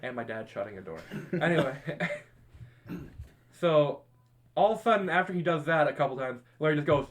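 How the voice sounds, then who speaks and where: A young man hosting a podcast, telling high school stories to friends in a casual way, often laughing and acting out what his friends said. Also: animated, normal speed, pauses often, a bit bright. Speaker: podcast host. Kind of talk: casual storytelling among friends.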